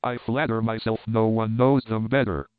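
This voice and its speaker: A man reading a vain flattering Roman noble. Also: on the low side, normal speed, no echo, close to an everyday voice. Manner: smooth and flattering. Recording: tinny phone-like sound.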